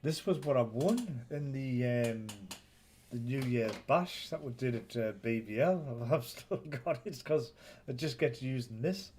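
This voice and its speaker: A man's voice: medium pitch, a little slow, darkish tone, slightly rough. A man with a Northeast English accent, hosting a casual live stream and bantering with viewers in a rambling, teasing way. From Northeast England.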